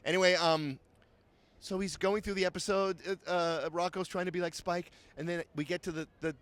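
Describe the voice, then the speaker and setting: An older man, a voice actor guest, telling lively stories at a convention interview and acting out the voices of people he quotes. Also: sits high, fairly quick, dry recording. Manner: animated, acts out quoted voices. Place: convention floor.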